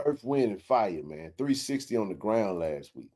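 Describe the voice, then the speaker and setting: A man hosting a casual sports talk show, joking and bantering in slangy, animated talk. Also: fairly low pitch, moderate pace, few pauses.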